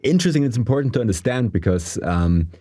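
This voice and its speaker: A man interviewing a guest, speaking haltingly with many restarts and repeated words. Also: lowish voice, lively intonation, warm tone, husky, no room sound. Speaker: interviewer, podcast host. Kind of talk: conversational interview.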